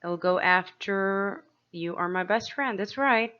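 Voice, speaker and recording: A woman teacher giving a slow, clear grammar lesson to young pupils, asking them questions as she explains each step. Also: medium pitch, fairly bright tone, muffled recording. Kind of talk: grade-school grammar lesson.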